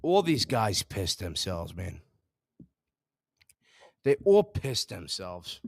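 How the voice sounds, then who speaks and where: A young man hosting a sports show, ranting in frustration, jumping between loud outbursts and low mutters. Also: sing-song, slow, creaky, dry recording, clean studio sound.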